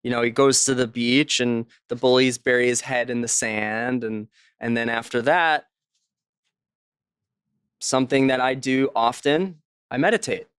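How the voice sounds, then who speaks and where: Man, author being interviewed, casual storytelling, acts out quoted voices, smooth resonant voice, dry close sound. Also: medium pitch, fairly even intonation, unhurried, fairly bright tone, no echo. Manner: acts out quoted voices while telling anecdotes. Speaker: author and podcast guest.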